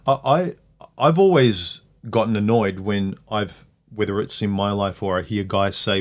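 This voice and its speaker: A man's voice: on the low side, moderate pace. A middle-aged man hosting a casual livestream chat, opinionated and ranting, with many "like"s. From Australia. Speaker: livestream host.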